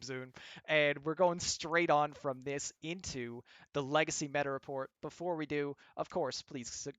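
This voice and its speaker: A man with a slightly higher voice hosts an esports stream, recorded dry and close. He talks casually with plenty of fillers and reads promo copy quickly and brightly. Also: no room sound. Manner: reads rapid-fire sponsor spots quickly and upbeat. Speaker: host of esports league show.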